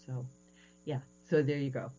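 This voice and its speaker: Radio host, female, low voice with a faint hum behind, chatty storyteller. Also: normal speed, rough recording. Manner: animated storytelling, hesitant fillers. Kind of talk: casual radio interview chat.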